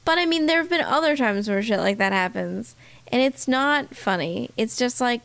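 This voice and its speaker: A woman's voice: on the high side, expressive, moderate pace, gravelly, a bit bright, no echo. A woman co-hosting a podcast, telling a rambling personal story in casual chat. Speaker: podcast co-host.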